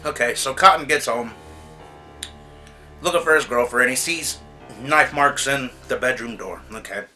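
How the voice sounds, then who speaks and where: Man, movie review vlog host, bright forceful tone, frank, chatty, exasperated. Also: mid-range voice, moderate pace, faint music behind. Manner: frank, exasperated, chatty with repeated "you know what I'm saying".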